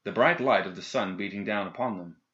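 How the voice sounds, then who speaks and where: A man giving measured, scripted narration of a fantasy audiobook. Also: fairly low pitch, a bit bright. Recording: dull lo-fi recording.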